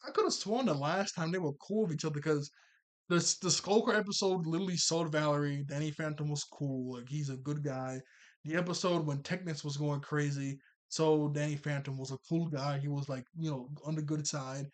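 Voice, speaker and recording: A man's voice: on the high side, fairly quick. A young man casually recapping a cartoon episode, rambling with lots of fillers and frequent laughs.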